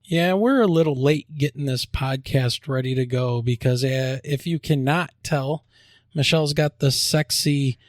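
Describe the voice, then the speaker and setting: A man hosting a podcast, joking around and spelling out web addresses slowly. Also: mid-range voice, no echo, clean studio sound. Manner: upbeat, jokey promo delivery, spells out web addresses slowly. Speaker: podcast host. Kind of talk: casual podcast chat and announcements.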